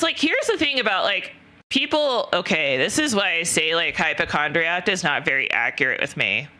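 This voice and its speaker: Very bright-voiced rambling woman streamer. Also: fairly low pitch. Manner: rambling, profane, frequent fillers. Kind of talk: casual storytelling chat.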